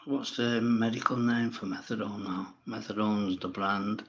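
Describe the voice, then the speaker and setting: Guy on a livestream, slow drawl, blunt and sweary, rambles at the comments. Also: fairly low pitch, steady tone, dull audio. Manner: blunt, swearing, rambling, talks back to viewers. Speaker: livestream host. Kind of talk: casual livestream chat reading comments.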